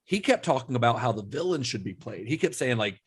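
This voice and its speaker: A man's voice: medium pitch, quick pace, breathy edge. A man co-hosting a casual film podcast, recounting production history at an easygoing pace with occasional fillers. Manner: relaxed storyteller with occasional fillers. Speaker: podcast co-host. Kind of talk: casual chat.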